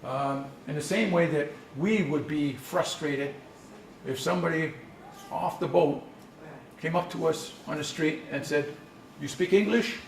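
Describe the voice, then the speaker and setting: Pitched a little high and pacing himself carefully, this man speaks with noticeable vocal fry. He's a language instructor leading a workshop in a conference session room, telling his explanations like stories and frequently starting over. The recording is echoey, with a far-off mic and faint background noise.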